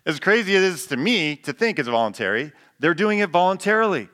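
A pastor preaching a sermon to a live congregation. He jokes with the people in the pews and slows down to read scripture with emphasis. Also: sits high, very animated, sharp tone. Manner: playful, joking asides with the congregation; reads scripture slowly with emphasis. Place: church sanctuary with live congregation.

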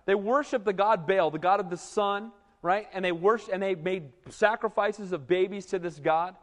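In a church with a roomy, echoing sound, a man preaches at a moderate pace in a high-sitting voice. He's a pastor who talks to his congregation in a lively, conversational way, frequently dropping in "right?"

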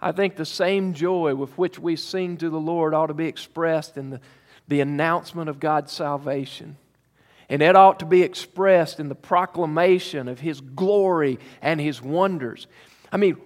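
A male pastor preaches in a high, bright register, stretching key words and pausing for emphasis. His voice rings out with a long reverb tail from the church sanctuary. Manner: emphatic, drawn-out preaching with pauses. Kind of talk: sermon.

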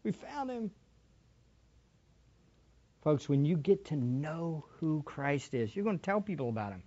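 A middle-aged man preaching a sermon, shifting from quiet asides to fervent shouting. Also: a little high, lively intonation, moderate pace, dull audio. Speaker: pastor.

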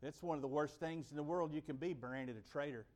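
A man preaching in a fairly high voice, chatting with his congregation like friends. He swells to loud emphatic peaks, then settles low and slow for the scripture. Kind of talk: sermon.

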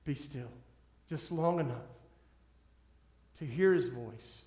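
A man's voice: medium pitch, slow pace, darkish tone. A man preaching a sermon as pastor, earnest and pleading, often restarting his sentences. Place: church sanctuary. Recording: echoey church room.

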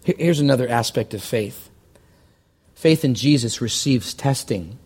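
A man preaching a sermon as pastor, earnest, often repeating words and climbing higher when stirred. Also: measured pace, a little mellow, husky.

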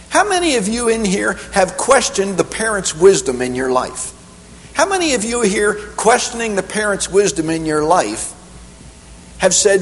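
A middle-aged man preaching a sermon in a church hall, emphatic and animated, climbing higher on the key points. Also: normal speed. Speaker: pastor. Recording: echoey hall with faint hum.

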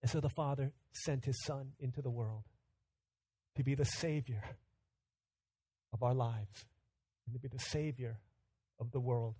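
A man in his thirties preaching a sermon, telling stories conversationally and swinging from loud urgent bursts to hushed quiet. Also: medium pitch, fairly even intonation, unhurried, long pauses, husky, no echo. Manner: storytelling, conversational. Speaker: pastor.

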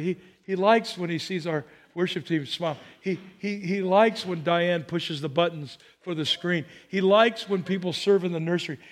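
A male pastor telling stories in a sermon, humorous and animated, with chuckling asides. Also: high-pitched. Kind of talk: storytelling sermon.

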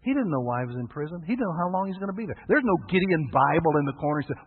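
A man's voice: high voice, lively intonation, rapid-fire, few pauses, breathy edge. A man preaching a sermon as a pastor, telling folksy stories and acting out the voices of the people in them. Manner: folksy storytelling, acts out quoted voices. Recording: tinny phone-like radio broadcast.

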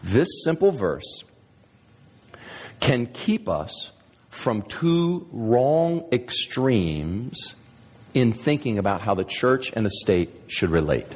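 A man's voice: mid-range voice, very animated, takes it slowly, a little mellow, husky. A man preaching a sermon as a pastor, emphatic, firing off sarcastic rhetorical questions. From United States. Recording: long reverb of a large hall.

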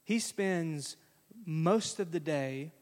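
A pastor speaks to his congregation extremely slowly in a high, bright voice, folksy and conversational, slipping into animated little quotes during the sermon. The long tail of a big hall rings through the sound.

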